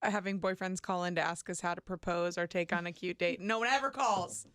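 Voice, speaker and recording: A woman with a slightly raspy voice, a guest on a morning radio show who chats cheerfully. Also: lowish voice, fairly quick, fairly bright tone, no room sound, clean studio sound. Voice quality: a little raspy today. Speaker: guest from a crisis center. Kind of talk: casual radio chat.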